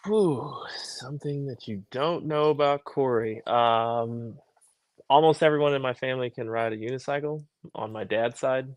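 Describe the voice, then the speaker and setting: A young man chatting as a podcast guest in a relaxed, thoughtful way that trails off. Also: medium pitch, moderate pace, no echo. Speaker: podcast guest, motorcycle racer. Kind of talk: casual chat.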